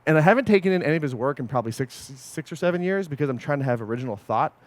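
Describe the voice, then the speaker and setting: A man coaching a group in a casual, animated way, swearing often and checking in with his listeners. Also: a little high, very fast, no echo. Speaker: podcast host and coach.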